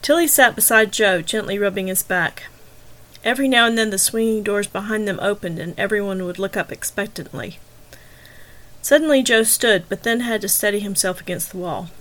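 A woman host and author reading a chapter of her novel in steady, expressive narration. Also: mid-range voice, moderate pace, rough recording.

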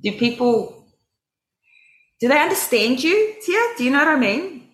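A woman hosts a relaxed interview. She tells stories with animated delivery, jumping up in pitch to act out quoted voices. Her voice sits in a roomy, echoey space. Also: moderate pace. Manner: animated storyteller, acts out quoted voices with big pitch jumps. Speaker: host. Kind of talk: storytelling in a casual interview. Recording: roomy echo.

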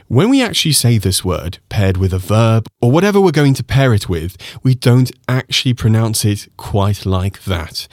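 Male podcast teacher; low, animated delivery, methodical and encouraging, dry close recording. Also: no echo. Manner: methodical, encouraging, demonstrates sounds slowly. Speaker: French pronunciation teacher. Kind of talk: podcast lesson.

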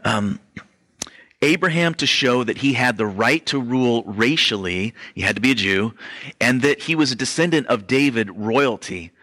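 A man's voice: mid-range voice, normal speed, bright, forceful tone. A man giving a casual, conversational sermon as a pastor, often saying "like" and "um" as he explains. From Western Europe ancestry only; none. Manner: conversational, filler-heavy, says "like" often.

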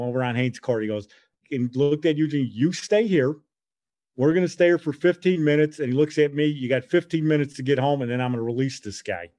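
Middle-aged man, casual animated storyteller, dry close recording. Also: mid-range voice, dry recording. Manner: animated, acts out quoted voices.

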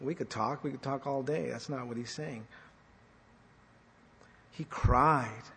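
A male pastor preaching a sermon, swinging between loud and soft, asking the congregation questions. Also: medium pitch, fairly even intonation, brisk, gravelly, breathy edge. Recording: echoey hall reverb.

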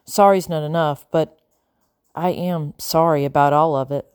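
A woman's voice: deep voice, fairly even intonation, normal speed, darkish tone, clear, resonant tone, dry recording, clean studio sound, lightly acted. A woman voicing an earnest teenage boy who pleads and keeps apologizing, in an audiobook. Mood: remorseful.

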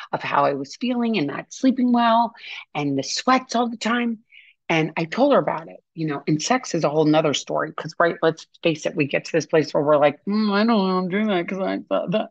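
A woman's voice: fairly low pitch, slightly rough, no room sound, lo-fi sound. A middle-aged woman hosting a podcast, talking earnestly and encouragingly in a rambling motivational monologue. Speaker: podcast host.

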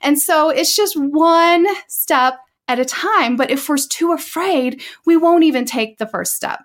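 Woman, author-entrepreneur type, earnest and open, slightly high voice, casual faith chat. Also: measured pace. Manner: earnest, emotional, repeats phrases for emphasis.

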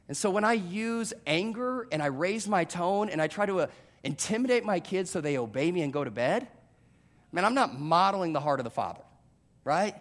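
A man in his thirties preaching a sermon as pastor, telling stories about himself and speaking straight to his congregation. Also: high voice. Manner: animated, self-deprecating storytelling with direct audience address.

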